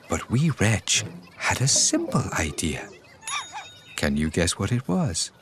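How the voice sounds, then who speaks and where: A man reads a preschool cartoon story slowly and gently, in a sing-song way. His pitch swoops widely up and down, and he pauses to ask the young listener questions. Clear music plays behind him. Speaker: narrator. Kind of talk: scripted storybook narration for preschoolers.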